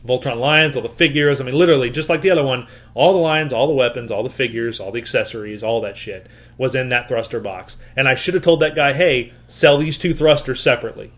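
A man's voice: mid-range voice, fast talker. A man telling a story in casual chat, acting out what people said and swearing freely. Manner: animated, swears, acts out quotes.

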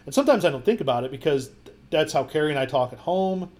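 A man's voice: a little high, quick pace. Rambling man, casual podcast chat. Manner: rambling, repeats words, animated storytelling with quoted voices. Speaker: podcast co-host.

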